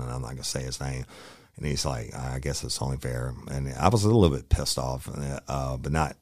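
A middle-aged man with an extremely deep voice hosts a podcast and tells old stories in a loose, profane, animated way. His voice sits close and dry on the mic, with no room sound. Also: fairly quick, no echo. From Louisiana. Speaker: podcast host telling a past case. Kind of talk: casual storytelling.

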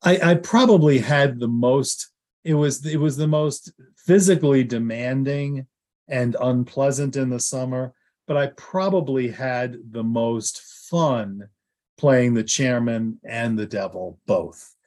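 A male actor and lawyer tells stories as a guest in a loose, casual way. He rambles, restarts his sentences often and fills pauses with ums. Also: mid-range voice, darkish tone. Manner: rambling, with many fillers and restarts. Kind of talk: casual anecdotal storytelling.

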